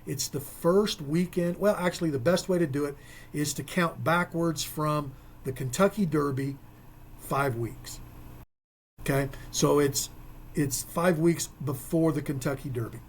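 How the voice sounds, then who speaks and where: A man's voice: on the high side, a little slow, slight background noise. A man co-hosting a local sports radio show, talking casually with folksy, rambling asides.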